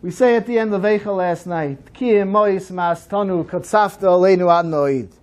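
A man speaks at a synagogue program in a high voice. His delivery is slow and measured, the steady cadence of a solemn sermon. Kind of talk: solemn sermon-style talk.

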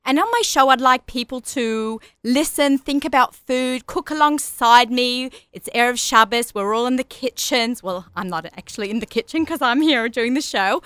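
Aussie woman in her 40s hosting a radio show, bright crisp voice, dry sound, chatty and excited. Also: fairly high pitch, moderate pace, dry recording. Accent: Australian, softened by long US residence. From Australia. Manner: chatty and enthusiastic, with fillers. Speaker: radio show host and personal chef. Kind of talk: solo radio show introduction.

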